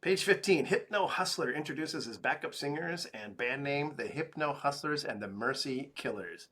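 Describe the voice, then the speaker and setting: Bright-voiced man walking through comic pages. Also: medium pitch, lively intonation, normal speed, husky. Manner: walks through pages, joking, with fillers. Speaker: podcast co-host. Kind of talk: casual comic-book chat.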